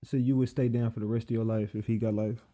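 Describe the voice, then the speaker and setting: A man's voice: medium pitch, flat delivery, quick pace, crowd noise. A man interviewing a guest, asking blunt, probing questions in a casual way.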